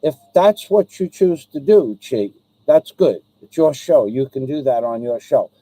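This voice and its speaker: A man's voice: medium pitch, animated, a little slow, dark tone, poor audio. A man hosting his own live stream, speaking directly to a viewer in an aggrieved, repetitive way, with frequent ums and restarts. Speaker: livestream host.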